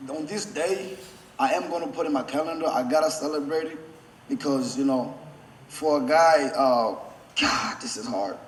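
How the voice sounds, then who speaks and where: A man giving a best man's toast, choked up and holding back tears, halting with many fillers and restarts. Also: a little high. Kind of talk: wedding toast. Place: wedding reception hall. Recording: echoey reception hall with faint background noise.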